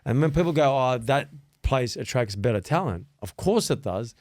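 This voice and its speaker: A man hosting a casual podcast chat tells animated stories laced with heavy swearing, acting out the dialogue he quotes. His mid-range voice moves at a moderate pace in a dry, studio-quality recording.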